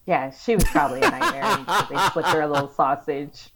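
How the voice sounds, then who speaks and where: A woman's voice: low-pitched, very animated, brisk, over a noisy crowd. Frank, swearing woman podcast co-host. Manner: frank, swears freely, laughs easily. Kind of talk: casual chat.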